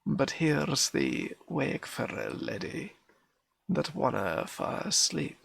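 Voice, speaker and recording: A man putting on a broad Scots accent to recite a dialect poem in a loud, sing-song way. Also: on the high side, sing-song, slow pace, vocal fry, slight background noise, voice pushed up, heavily acted. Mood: lilting. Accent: put-on Scots.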